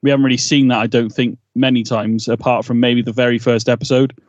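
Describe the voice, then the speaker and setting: A man's voice: mid-range voice, level tone, quick pace, no room sound. A man co-hosting a podcast in casual chat, rambling with lots of fillers and restarts. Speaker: podcast co-host. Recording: dull lo-fi dry recording.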